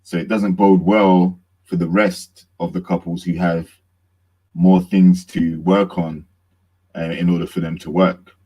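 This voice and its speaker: A man on a panel giving a measured, somewhat hesitant summary. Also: sits low, level tone, warm tone, slightly rough. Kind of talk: casual analysis.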